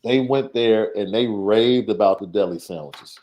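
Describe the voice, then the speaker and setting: A man co-hosting a casual sports talk show, measured, repeating his points for emphasis. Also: on the low side, a little mellow. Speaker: podcast co-host, recruiting analyst.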